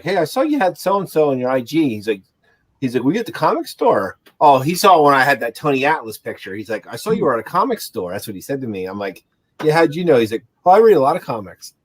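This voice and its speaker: A man's voice: medium pitch, big pitch swings, dry recording. A man in casual chat, laughing often and retelling what people said to him. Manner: laughing, quick retelling of quotes.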